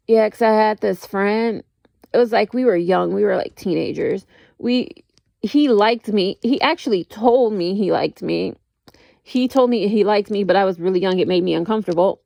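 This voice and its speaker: A woman's voice: mid-range voice, moderate pace, creaky, dark tone, dry recording. A woman talking in a casual, rambling vlog monologue, full of "like" and restarts as she tells dating stories. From United States. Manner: rambling, heavy use of "like", frequent restarts. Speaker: vlogger.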